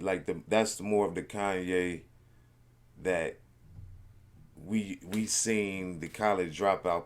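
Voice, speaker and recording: A man hosting a reaction video, chatting casually in a rambling, laid-back, slangy way. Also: fairly low pitch.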